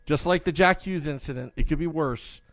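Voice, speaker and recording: A man's voice: fairly high pitch, fairly quick, fairly bright tone. A man hosting a live hockey podcast, upbeat and hyping positivity while reading viewer comments aloud. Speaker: podcast host.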